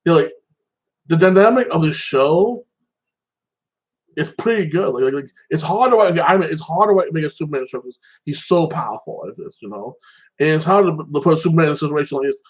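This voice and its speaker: A young man chats casually on his own, rambling about a TV show and stuffing his sentences with "like this" and "like that." His voice sits fairly high and sounds animated, a little fast, and edged with breath. The audio quality is poor.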